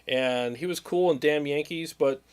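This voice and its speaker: A man's voice: a little high, moderate pace, clean tone. A man hosting a live stream, chatting casually, laughing often and talking loosely with fillers. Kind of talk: casual chat.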